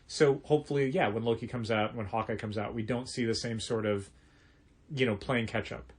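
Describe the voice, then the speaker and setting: Guy co-hosting a comic shop podcast, rambly and chatty, normal mid pitch. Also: steady tone, brisk, breathy edge. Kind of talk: casual chat.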